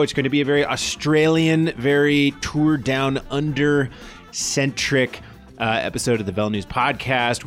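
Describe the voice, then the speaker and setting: A man hosting a podcast, talking in a quick, upbeat, chatty way as he opens the show and questions his guest. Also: medium pitch. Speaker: podcast host. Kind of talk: casual podcast interview. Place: Boulder, Colorado studio.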